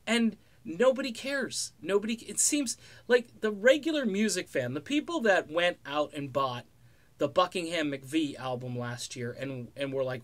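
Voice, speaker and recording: A middle-aged man with a fairly high voice talks through music news in a loose, rambling way. He is sarcastic and keeps making joking asides. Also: expressive, unhurried. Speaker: music commentary vlogger. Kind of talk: casual spoken commentary.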